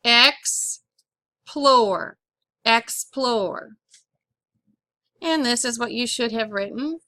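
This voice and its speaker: A woman teaching a phonics lesson, spelling out letters one by one in a slow, deliberate way and clearing her throat now and then. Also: fairly high pitch, a bit bright, no echo. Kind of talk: classroom lesson on syllable accent.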